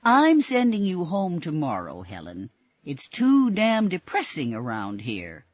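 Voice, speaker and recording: A woman's voice: low voice, wildly swooping pitch, measured pace, no echo, lo-fi sound, exaggerated voice. A woman voicing a jovial, indulgent middle-aged male doctor. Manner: hearty, indulgent.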